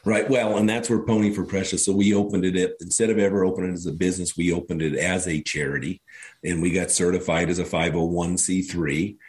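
A very low-voiced man talking on a studio radio show. He rambles through long stories in a casual way, slipping into the voices of the people in them. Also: steady tone, fast, a little mellow. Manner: rambling storyteller, acts out quoted voices. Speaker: guest, charity founder. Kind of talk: casual interview talk.

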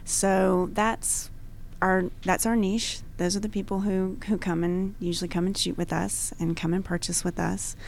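A woman answering questions as a guest on a radio talk show in a studio, measured and halting with many fillers. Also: mid-range voice, level tone, gravelly, a little hiss or hum. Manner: measured, many ums and restarts. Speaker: radio guest, gun range owner.

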